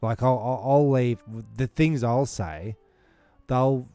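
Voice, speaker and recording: A man's voice: medium pitch, mellow, clear, resonant tone, no echo, soft background music. Crude joking Australian man. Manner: crude, joking, does quick silly voices. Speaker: podcast co-host. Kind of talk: casual banter.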